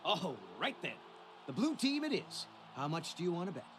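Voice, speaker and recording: Game NPC, a glib arena bookmaker, lively sing-song pitch, salesman charm. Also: normal speed, noisy background. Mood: salesy. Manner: friendly salesman patter. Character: smooth-talking male arena betting agent. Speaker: video game character.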